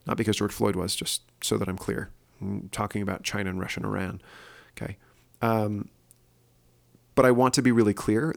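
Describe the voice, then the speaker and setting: A man's voice: fairly low pitch, vocal fry. A man hosting his own opinion podcast, talking earnestly and thinking aloud with frequent fillers. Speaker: podcast host. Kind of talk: solo opinion podcast monologue.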